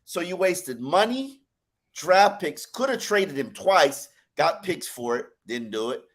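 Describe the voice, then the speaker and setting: A man's voice: on the high side, very animated, unhurried. A man on a sports podcast ranting in an exasperated way, repeating words as he gets worked up. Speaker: podcast columnist. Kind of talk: heated sports podcast rant.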